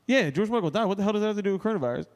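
Podcast co-host: a man with a slightly high voice, animated and swearing, in a room with long reverb. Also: very fast. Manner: animated, swearing, lots of fillers. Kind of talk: casual chat.

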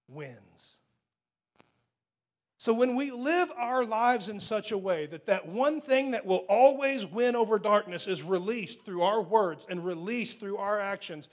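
A man with a fairly high voice delivers a sermon from the pulpit. He presses key phrases hard and loud, then drops to quiet, softened lines to let a point land. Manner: preaching with swings between loud emphasis and hushed, soft delivery. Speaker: pastor.

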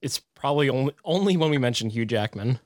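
A relaxed podcast co-host introduces a guest during a casual chat, speaking quickly in a mid-range voice. The recording is dry, with clean studio sound.

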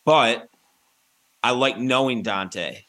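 A man's voice: medium pitch, slow, sharp tone, no room sound. Blunt man in casual podcast chat. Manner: blunt, crude, offhand. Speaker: podcast co-host.

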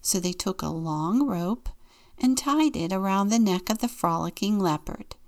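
Slow, gravelly woman reading a story. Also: medium pitch. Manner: gentle, unhurried storytelling. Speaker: deacon reading a children's book. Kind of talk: storybook read-aloud.

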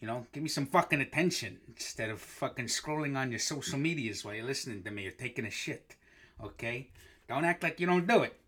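A man's voice: medium pitch, expressive, brisk, pushed and bright. A man hosting a comedy podcast, talking in a crude, rambling way full of swearing and fillers. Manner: profane, rambling, with many fillers and "okay?". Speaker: podcast host.

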